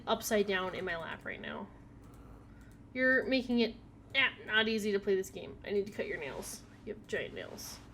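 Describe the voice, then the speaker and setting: A woman streaming a video game at home, chatting casually, reading text aloud and talking to her cat. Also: mid-range voice. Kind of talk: casual live gameplay commentary.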